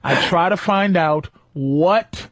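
A man's voice: a little high, slow, no room sound. A middle-aged man co-hosting a podcast, ranting in a profane, mocking way and acting out scenes with put-on voices. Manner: loud, mocking, acts out phone calls in funny voices. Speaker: podcast co-host. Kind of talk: profane comedic rant.

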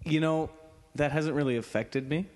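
A man co-hosting a comedy podcast, improvising absurd bits in a deadpan, casual way with some swearing. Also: a little high, moderate pace. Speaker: podcast co-host.

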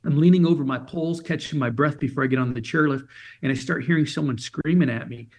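A man in his fifties, a guest in an interview, telling a personal story in an animated way and acting out the dialogue. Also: on the high side, fast. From United States. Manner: animated storyteller, acts out dialogue with many repeated "he goes".

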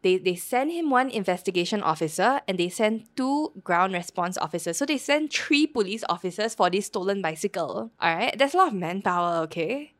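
A Singaporean woman co-hosting a casual podcast, recounting a story with lively energy. She speaks at a middling pitch, laughs often, and drops Singlish particles. The sound is dry and close. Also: a little fast, hardly any pauses, no echo. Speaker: podcast co-host.

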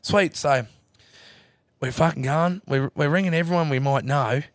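Guy on a podcast telling a wild story, swears a ton, does everyone's lines, kinda high voice, dry close sound. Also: normal speed, no echo. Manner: animated yarn-teller, swears freely, acts out others' lines. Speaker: podcast guest. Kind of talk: casual storytelling chat.

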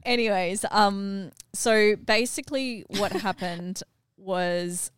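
A middle-aged woman hosting a family podcast, animated and laughing as she retells a family story. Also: medium pitch, slow pace, clear, resonant tone, no echo, clean studio sound. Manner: animated, acts out what others said, laughs while telling. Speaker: podcast host and mother.

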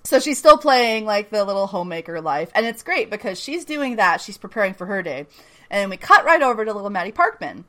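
A woman's voice: medium pitch, sing-song, a little fast, bright, forceful tone. A young adult woman co-hosting a podcast, recapping an episode in casual chat, laughing often, swearing and making playful asides. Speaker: podcast co-host.

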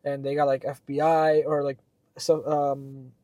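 A young man co-hosting a podcast, telling a story in a casual, animated way with lots of fillers and swearing. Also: medium pitch, a little slow, no room sound. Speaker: podcast co-host.

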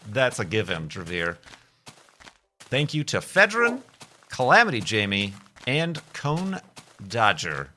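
A man's voice: fairly low pitch, sharp tone. A man casually chatting with viewers as a streamer, answering their questions in a rambling, playful way. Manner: rambling, playful, full of restarts and asides. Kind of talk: casual chat.

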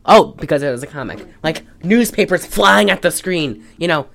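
A woman's voice: deep voice, animated, normal speed, creaky, a bit bright. A woman hosting a podcast, recapping a film in casual chat and rambling with many fillers. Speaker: podcast host.

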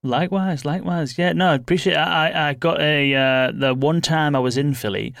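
A man's voice: on the high side, fairly quick, gravelly, a bit bright, dry recording, studio quality. A man hosting a podcast, chatting easygoing and laughing often. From United Kingdom. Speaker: podcast host. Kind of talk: casual interview chat.

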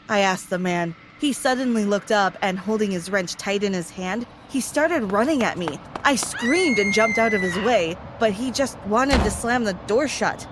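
A woman's voice: mid-range voice, normal speed, hardly any pauses. Woman narrating a story over faint music. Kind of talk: scripted first-person storytelling.

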